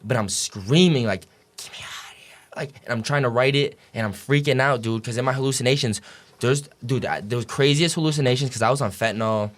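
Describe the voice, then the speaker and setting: A man's voice: medium pitch, fast. A young man telling a story as a podcast guest, casual and profane, packed with "like" and "dude".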